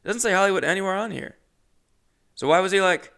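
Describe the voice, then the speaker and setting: Gravelly young man telling a rambling story. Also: high-pitched, fast, pauses often. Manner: rambling, profane, animated. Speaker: podcast host. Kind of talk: comedic storytelling monologue.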